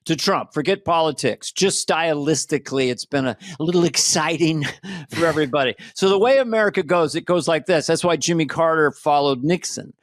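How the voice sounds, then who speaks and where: An animated man co-hosting a comedic podcast chat, his voice sitting on the higher side for a man. He is heard close and dry, with no room sound. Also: brisk, no echo. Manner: animated, slips into impressions. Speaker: podcast co-host.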